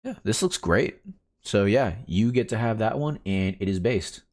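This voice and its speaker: A man's voice: lowish voice, animated, moderate pace. A man streaming a game, chatting casually with his chat and laughing often. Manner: laid-back, laughs often, reads chat aloud.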